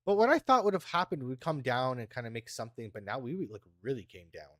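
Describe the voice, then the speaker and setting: A man co-hosting a podcast, casually walking through market charts in a halting, laid-back way. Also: mid-range voice, very animated, a bit bright, no echo, studio quality. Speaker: podcast co-host, market analyst.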